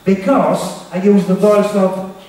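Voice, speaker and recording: A man's voice: high-pitched, fairly even intonation, slow pace, mellow. A man giving an emphatic, repetitive motivational keynote to teenagers, talking straight to the audience. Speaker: motivational speaker. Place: large hall with teenage audience. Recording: echoey hall from far off.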